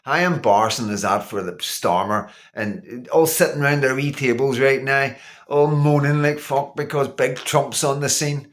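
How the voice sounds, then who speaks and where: A man's voice: mid-range voice, moderate pace, hardly any pauses. Indignant ranting man vlogger. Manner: indignant, sarcastic, repetitive. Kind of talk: ranting political monologue.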